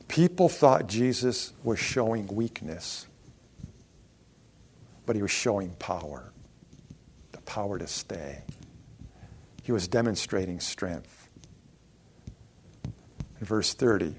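A man preaching a sermon, acting out the mockers' taunts and swinging between loud outbursts and hushed lines. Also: mid-range voice, lively intonation, a little slow, long pauses. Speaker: pastor.

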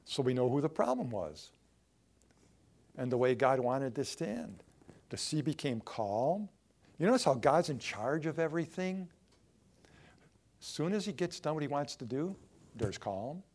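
A man's voice: medium pitch, big pitch swings, a little slow, pauses often, a little mellow. A male pastor preaching a sermon in a conversational way, asking the congregation rhetorical questions as he goes.

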